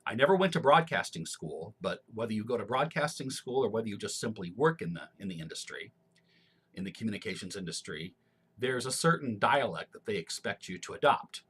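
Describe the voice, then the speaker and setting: A man from Missouri with a low, somewhat husky voice, speaking in General American broadcast diction. He talks through an accent tag at an easy, measured pace, with the careful pronunciation of a former radio announcer. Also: expressive, a bit bright. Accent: General American broadcast, Missouri roots. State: allergies, throat clearing. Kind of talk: casual accent tag monologue.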